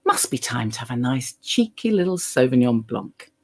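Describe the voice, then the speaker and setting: A woman's voice: a bass voice, very animated, normal speed, exaggerated voice. A woman voicing a chirpy, mocking wine witch who coaxes her to drink. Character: chirpy, tempting female wine witch, inner voice.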